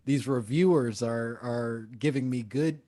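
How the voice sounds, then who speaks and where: A man's voice: mid-range voice, a little slow. A man in his thirties, a comedian guest telling stories in casual chat and acting out quotes. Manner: animated, acts out quotes.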